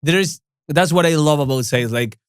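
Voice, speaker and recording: A man's voice: fairly high pitch, a little fast, clean tone, dry recording, studio quality. Man hosting a casual chat. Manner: reactive, asks short questions. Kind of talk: casual conversation.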